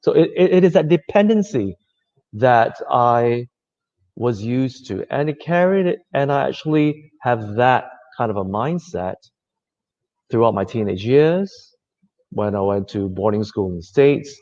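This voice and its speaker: A man giving a reflective talk, speaking gently and conversationally, with many fillers. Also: mid-range voice, animated, measured pace. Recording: slightly dull lo-fi audio.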